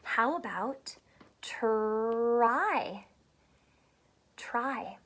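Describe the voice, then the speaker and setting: A woman teacher giving a phonics lesson to young children, speaking slowly and clearly in a sing-song, playful way. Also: a little high, expressive, fairly bright tone.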